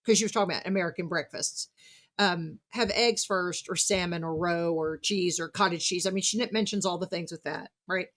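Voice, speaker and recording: A woman's voice: on the low side, a little fast, a bit bright. A woman hosting a podcast, chatting casually and retelling a book with enthusiasm. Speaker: podcast host. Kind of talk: casual conversational interview.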